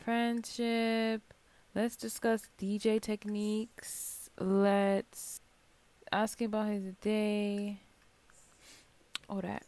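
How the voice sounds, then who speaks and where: Speaking extremely slowly with long pauses, a young gaming channel host talks to her viewers while playing a life-sim game. Her mid-range voice is recorded dry, and her casual Let's Play chatter is slangy with bursts of excitement.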